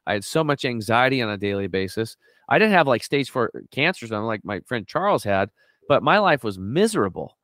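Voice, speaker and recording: A middle-aged man telling stories in a lively interview, acting out quotes with sudden jumps in his voice. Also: brisk, dry recording. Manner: animated storyteller, acts out quotes with big pitch jumps. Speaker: guest on a health talk show. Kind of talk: energetic conversational interview.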